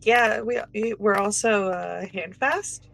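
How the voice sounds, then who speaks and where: A woman's voice: medium pitch, takes it slowly, gravelly, fairly bright tone, soft background music, poor audio. Playful woman player in a tabletop game. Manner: playful, joking. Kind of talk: casual tabletop play.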